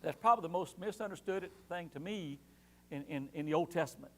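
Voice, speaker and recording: A man's voice: fairly high pitch, fairly quick, a bit bright. A man teaching a Sunday Bible class in an earnest way, repeating key phrases for emphasis.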